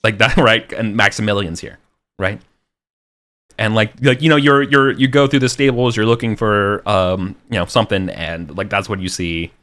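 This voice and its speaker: A man's voice: lowish voice, normal speed, a bit bright. A man running a tabletop role-playing game as game master, narrating loosely with many fillers. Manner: rambling, filler-heavy narration.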